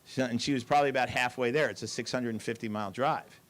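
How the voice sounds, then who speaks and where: A man's voice: mid-range voice, quick pace, fairly bright tone. An older man giving a storytelling talk to an audience, with dry asides and quoted lines.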